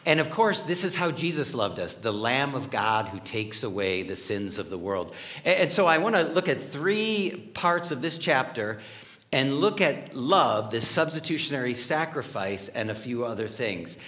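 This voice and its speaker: Man, middle-aged, pastor, sermon, chatty storytelling, animated intonation. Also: mid-range voice, moderate pace. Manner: conversational, storytelling, asks the audience questions.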